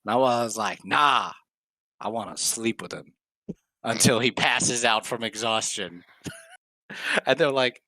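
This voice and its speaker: A man co-hosting a podcast, telling a funny story in an animated way and laughing as he acts out what others said. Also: medium pitch, unhurried, pauses often, dry recording. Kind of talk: casual storytelling chat.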